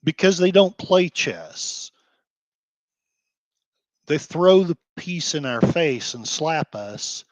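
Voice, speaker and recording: A man hosting his own commentary show, ranting with feeling, sighing and breaking into quick heated outbursts between quieter stretches. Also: mid-range voice, no echo. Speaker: blogger host. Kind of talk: emotional commentary rant.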